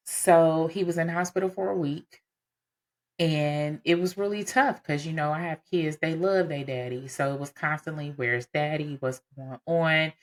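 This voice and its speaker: A woman telling her own story on a podcast, casual and animated, with lots of fillers. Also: deep voice. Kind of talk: personal storytelling.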